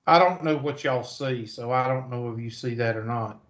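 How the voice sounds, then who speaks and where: A Southern US man with a medium-pitched, fairly bright voice runs an online math class at a moderate pace. He's conversational and thinks aloud as he goes, heard over muffled video call audio.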